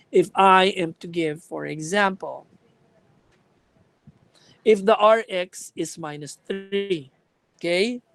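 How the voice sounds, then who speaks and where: A woman's voice: fairly low pitch, no echo, poor audio. A woman lecturing a class on contact lenses, explaining with examples and checking that students follow.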